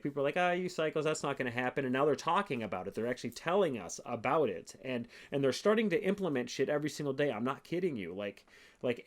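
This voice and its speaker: Male podcast host, sarcastic, profane solo monologue, pitched a little high. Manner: animated, profane, sarcastic, reads quotes aloud slowly. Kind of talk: casual monologue commentary.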